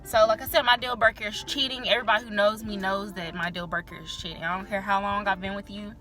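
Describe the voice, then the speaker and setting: A woman's voice: mid-range voice, fairly even intonation, fast talker, pushed and bright, faint music behind. A young woman vlogger telling a candid personal story in a chatty, filler-heavy way, swearing freely.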